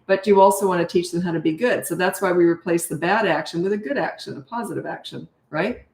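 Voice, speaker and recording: Speaking at a quick pace, the coach has a low-leaning voice with a darkish tone. She takes viewer questions live in a blunt, direct manner, regularly asking "okay?" or "right?", against a roomy echo.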